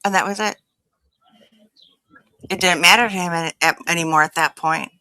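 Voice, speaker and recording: A woman's voice: lowish voice, moderate pace, no room sound, poor audio. A woman recounting a personal story in casual chat, acting out the quoted exchanges. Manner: animated retelling, acts out quoted exchanges. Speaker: guest telling her story.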